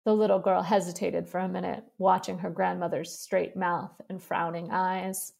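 Woman reading a literary story, gravelly. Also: on the low side, flat delivery, normal speed, darkish tone. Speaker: reader.

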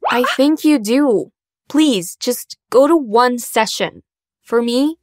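A woman playing a worried, caring middle-aged mother who pleads gently with her daughter. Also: on the high side, slow, dry recording, clean studio sound. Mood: pleading.

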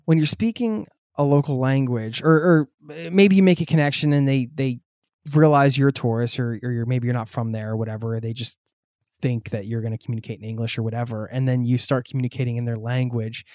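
A man hosting a podcast in casual interview chat, relaxed and chatty, thinking aloud as he talks. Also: medium pitch, fairly quick, no room sound, clean studio sound. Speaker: podcast host.

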